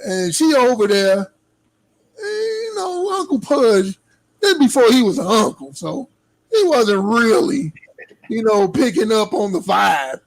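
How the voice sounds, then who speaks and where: A man's voice: high-pitched, very animated, a little slow, low-quality recording. A man co-hosting a podcast, telling a story from his youth in a laid-back, slangy way. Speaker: podcast co-host.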